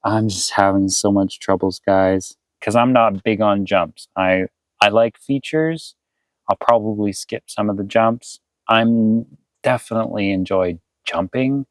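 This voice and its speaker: Low-voiced man rambling in a casual vlog. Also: unhurried, no echo, low-quality recording. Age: adult, past eighteen. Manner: rambling, thinks aloud, addresses viewers as guys. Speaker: vanlife vlogger. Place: inside his camper van.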